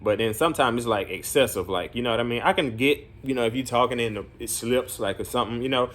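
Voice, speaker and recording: A man's voice: medium pitch, fast talker, fairly bright tone. A man working as a group home counselor, telling a story in casual vlog talk, rambling with many fillers and earnest, encouraging asides.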